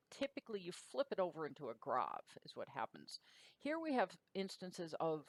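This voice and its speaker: A middle-aged woman teaching a lecture, explaining rules patiently in a relaxed way and checking in with her students. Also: mid-range voice, no room sound. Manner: explanatory, relaxed, uses fillers and checks in with the listener. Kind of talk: classroom lecture.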